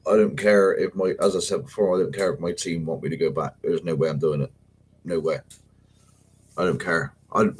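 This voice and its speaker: Sitting low with a darkish, husky tone, this man is heard on a low-quality recording. He's an English host of a paranormal investigators' livestream, telling rambling, sweary stories in slangy, casual chat with his audience.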